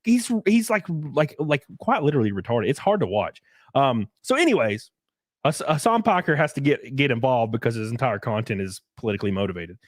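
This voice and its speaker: A young man hosting a podcast, chatting casually in an animated, ranting way and mocking others' voices. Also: mid-range voice, brisk, no room sound, studio quality. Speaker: podcast host. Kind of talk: casual opinionated chat.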